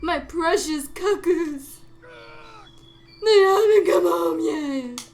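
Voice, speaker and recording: A woman reading aloud for a distraught middle-aged male villager in a video game, slow, wailing and melodramatic. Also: mid-range voice, fairly even intonation, a bit bright, lightly acted.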